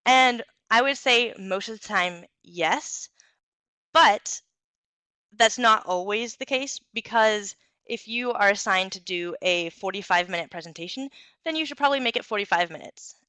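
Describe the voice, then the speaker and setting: A young woman giving an instructional talk on communication skills, clear and encouraging, with occasional fillers. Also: mid-range voice, moderate pace, sharp tone, no room sound.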